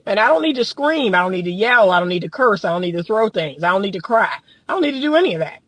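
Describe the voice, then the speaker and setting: A woman's voice: mid-range voice, lively intonation, brisk, dry recording, poor audio. Emphatic, matter-of-fact woman coach. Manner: matter-of-fact, emphatic, repeats key points; casual colloquial address to viewers. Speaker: dating and relationship coach. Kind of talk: direct-to-camera advice talk.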